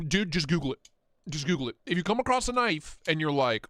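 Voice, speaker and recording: Brief: male stream host, high and bouncy, jokey rambling delivery, dry close sound. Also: very animated, fast, fairly bright tone, dry recording. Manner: joking, rambling, laughs often. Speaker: livestream host. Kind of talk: casual live-stream chat.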